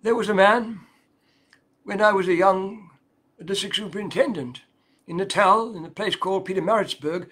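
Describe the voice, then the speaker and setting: A man's voice: high voice, normal speed, fairly bright tone. An older man preaching a sermon, telling a personal story earnestly with emphatic repetition.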